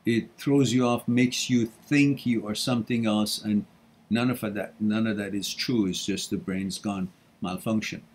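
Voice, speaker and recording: A man's voice: lowish voice, steady tone, a little slow, a little mellow, breathy edge. A middle-aged man hosting a live question and answer stream, talking casually and laughing often. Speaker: host. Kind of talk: live Q&A talk.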